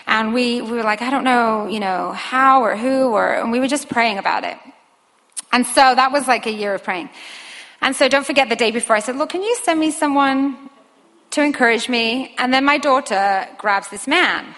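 A woman's voice: a little high, moderate pace, fairly bright tone. Woman telling a story in an echoing hall. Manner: earnest, rambling with many fillers and restarts. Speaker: mother sharing a personal testimony. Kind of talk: personal storytelling. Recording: long hall reverb.

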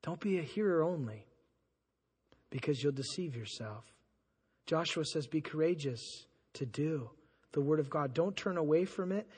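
A man preaching a sermon as pastor, conversational and animated, acting out the people he quotes. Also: on the high side, normal speed, breathy edge. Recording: long hall reverb.

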